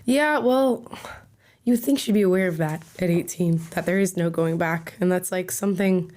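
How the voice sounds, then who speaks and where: Slightly hoarse, chatty young woman. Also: on the low side, moderate pace, a little mellow. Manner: chatty, rambling with many fillers. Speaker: host. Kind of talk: casual livestream commentary.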